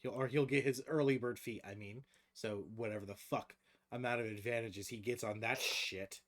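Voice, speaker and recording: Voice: mid-range voice, fairly even intonation, moderate pace. A game master running a tabletop game on stream, talking casually, swearing freely and laughing often.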